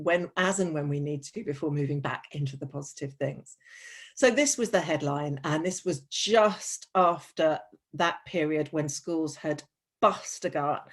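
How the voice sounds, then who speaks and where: In a low voice, a woman leads a teacher wellbeing webinar, talking candidly and chattily while frequently saying um, restarting sentences and slipping in sarcastic asides.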